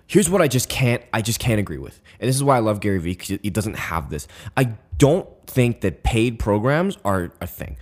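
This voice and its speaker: A man co-hosting a podcast in casual chat, animated and blunt, often swearing and mimicking people he talks about. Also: on the low side, brisk, few pauses. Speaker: podcast co-host.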